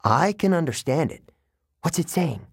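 A man's voice: on the high side, lively intonation, unhurried, creaky, husky, no echo, studio quality, voice pushed up, heavily acted. A man voicing a nervous teenage satyr boy in an audiobook, with a jittery, worried way of talking.

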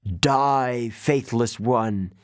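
A man voicing a cruel snake-woman monster in an audiobook, hissing and rasping, taunting slowly and drawing out the words. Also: mid-range voice, dry recording, clean studio sound. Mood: menacing. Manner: slow, drawn-out taunting delivery. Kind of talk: audiobook character voice.

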